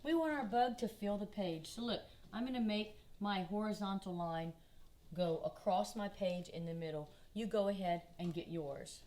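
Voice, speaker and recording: A Southern US woman teaches a kindergarten drawing lesson as an art teacher. She is patient and encouraging, speaking slowly to the small children. Her voice is mid-range with a darkish tone.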